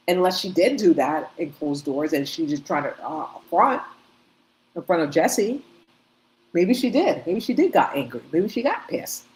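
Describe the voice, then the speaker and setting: A woman's voice: low voice, a little mellow, a little hiss or hum, rough recording. A woman hosting an opinionated commentary, talking emphatically in short bursts and repeating herself. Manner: emphatic, repetitive, talks in short bursts with restarts. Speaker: commentary host. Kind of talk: opinionated commentary on video clips.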